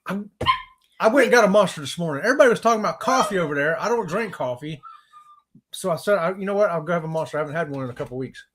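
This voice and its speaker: A man's voice: on the high side, lively intonation, racing, fairly bright tone, a little hiss or hum. A man co-hosting a live morning cruise show, chatting casually, joking and laughing easily. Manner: jokey, laughing, easygoing. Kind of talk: casual live-stream chat.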